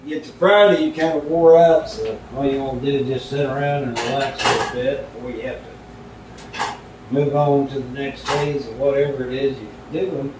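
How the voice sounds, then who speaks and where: Laid-back man talking from across a kitchen. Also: fairly even intonation. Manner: laid-back, folksy, unhurried yarn-spinning. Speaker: vlogger. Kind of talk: casual storytelling while cooking. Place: home kitchen. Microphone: camera left far from the speaker. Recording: roomy and distant, faint rumble.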